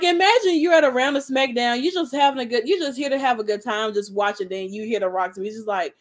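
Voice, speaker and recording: A woman co-hosting a wrestling aftershow, talking in an animated, emphatic way that jumps between loud bursts and softer asides. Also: on the high side, quick pace, hardly any pauses. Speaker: aftershow co-host. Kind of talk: excited casual chat.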